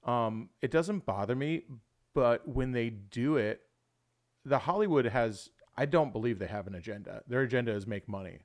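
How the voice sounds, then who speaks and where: Man, young adult, livestream host, casual rambling chat, frequent swearing, middle pitch. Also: lively intonation, normal speed. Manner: rambling, swears often, says "dude" a lot.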